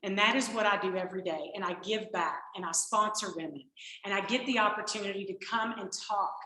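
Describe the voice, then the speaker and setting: A recovery speaker in a meeting room shares her personal testimony with a group, talking a little fast at a medium pitch. She tells animated stories and acts out the conversations she quotes, and the room sounds echoey.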